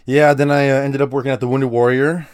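A man's voice: medium pitch, little pitch movement, quick pace, a little mellow, smooth, no echo, studio quality. A man in his thirties, a former army medic, telling grim stories in a laid-back, profane way and laughing now and then. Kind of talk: casual podcast storytelling.

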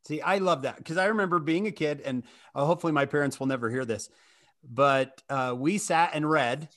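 A man's voice: fairly high pitch, fairly quick, a bit bright. A man hosting a podcast, a scripture teacher who tells stories and acts out quoted lines. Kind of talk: podcast conversation.

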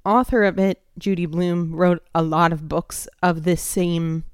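A woman co-hosting a podcast, chatting casually and excitably, at times reading a summary aloud. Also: lowish voice, a little slow, clean tone, dry recording, clean studio sound. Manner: excitable, reads a synopsis aloud. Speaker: podcast co-host. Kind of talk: casual chat.

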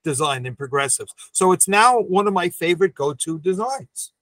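Man in his 70s, animated talker, podcast guest, slightly high pitch, dry sound. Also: normal speed, dry recording. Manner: animated storyteller, emphatic. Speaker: veteran optician guest. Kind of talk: casual podcast conversation.

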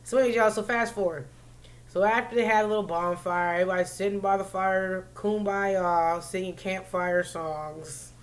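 A woman telling a story in casual chat, profane and animated, with loud bursts of laughter. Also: medium pitch, brisk, slight background noise. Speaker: podcast co-host telling a story.

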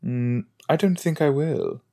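A man's voice: medium pitch, very animated, a little slow, gravelly, warm tone. A man hosting a podcast, reacting casually and jokingly while watching an episode. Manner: chatty, joking, thinks aloud with fillers. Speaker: podcast host.

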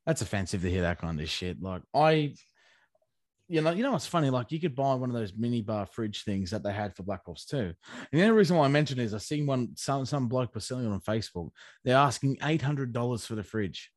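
A man's voice: medium pitch, lively intonation, a little fast, no room sound, clean studio sound. Sweary man ranting casually. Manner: crude, rambling, sweary banter. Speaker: podcast co-host. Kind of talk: casual chat.

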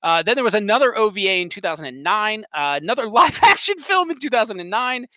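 A man's voice: high-pitched, sing-song, fast talker, bright, forceful tone, no echo. A man co-hosting a casual podcast, rambling and stumbling over his words. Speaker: podcast co-host. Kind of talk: casual chat. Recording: dry, dull lo-fi mic.

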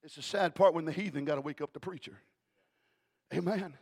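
A male pastor preaching a sermon in a rhythmic cadence, adding "uh" after each phrase and swinging between shouting and hushed tones. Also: on the high side, quick pace.

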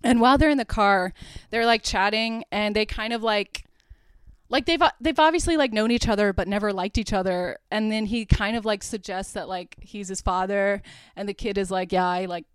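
A young woman hosts a podcast, walking through a film's plot in a loose, chatty way. Her voice is smooth and clear, and she keeps dropping "like" as she goes. The sound is dry and close, with no room echo. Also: mid-range voice, moderate pace. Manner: chatty, heavy use of "like", laughs while retelling. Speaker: podcast host. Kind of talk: casual movie recap.

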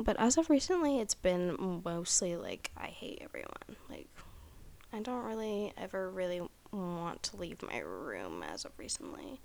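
A woman's voice: lowish voice, huge pitch swings, normal speed, creaky. A young woman hosting a casual solo podcast, rambling with lots of "like" and frequent swearing. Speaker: podcast host.

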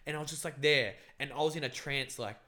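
A man's voice: medium pitch, fast, bright, forceful tone. Rambling, profane young man. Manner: rambling, profane, lots of fillers. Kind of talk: casual chat, recounting a dream.

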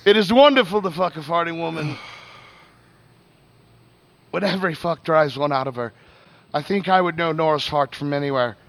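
A man's voice: high voice, lively intonation, unhurried, creaky, fairly bright tone, exaggerated voice. A man doing a theatrical reading as a lusty man reciting his own filthy love letter, breaking into laughter as he goes. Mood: lewd, theatrical. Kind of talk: dramatic reading.

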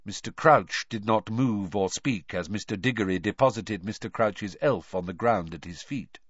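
A man reading an audiobook aloud with expressive, lively storytelling. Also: lowish voice, moderate pace, breathy edge, no room sound. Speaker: narrator. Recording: dry, dull lo-fi recording.

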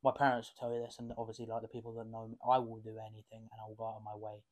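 A man's voice: lowish voice, completely flat delivery, racing, a little mellow. A young man, co-hosting a podcast, swearing freely and searching for words. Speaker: podcast co-host. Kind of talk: casual chat.

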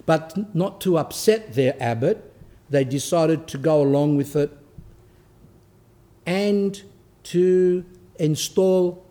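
Mellow-voiced man giving a spiritual talk. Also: fairly high pitch, slow pace, pauses often. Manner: conversational, with asides and rhetorical questions. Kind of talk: religious teaching talk, reading aloud with commentary.

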